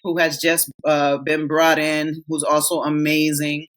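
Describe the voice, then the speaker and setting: This podcast co-host, a woman in her thirties, talks at a measured pace in a low voice with a completely flat delivery. In the casual chat she's candid and profane, telling stories and acting out friends' lines in quoted voices.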